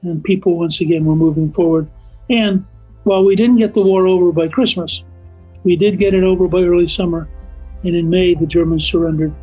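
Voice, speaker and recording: A man's voice: high voice, steady tone, fairly quick, mellow, husky, soft background music. A man hosting a podcast, narrating a history story in a conversational, emphatic way that addresses listeners directly. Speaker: podcast host. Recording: dull lo-fi audio.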